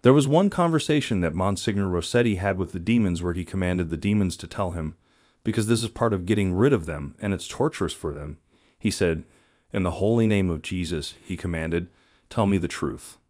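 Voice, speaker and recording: A man's voice: low voice, lively intonation, a little fast, darkish tone, dry recording, studio quality. A man narrating a video compilation from a script in a plain, earnest manner. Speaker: channel narrator presenting clips.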